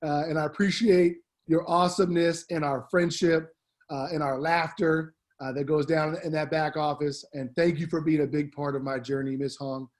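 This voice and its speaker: Man, middle-aged, assistant principal farewell, slangy, heartfelt, higher-pitched voice. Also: steady tone, moderate pace. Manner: upbeat, slangy, heartfelt with many fillers. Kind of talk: farewell speech on school announcements.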